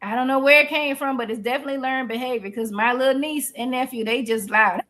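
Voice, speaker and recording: A woman chatting candidly on a podcast with a fairly high voice. She talks in a folksy, animated way, restarting her sentences often as she works through her thoughts. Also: fast talker. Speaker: podcast co-host. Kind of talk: candid casual chat.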